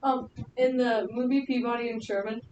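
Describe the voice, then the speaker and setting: Female student, offhand and giggly, slightly high, echoey room, noisy background. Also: steady tone, normal speed, a little mellow, dull audio. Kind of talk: classroom remark. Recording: roomy, distant and noisy.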